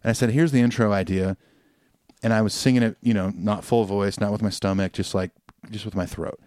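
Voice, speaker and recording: A man's voice: lowish voice, steady tone, fast talker, darkish tone, dry recording, studio quality. A man who is a guest musician, reflectively telling stories in a casual podcast chat. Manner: reflective storytelling, hesitant.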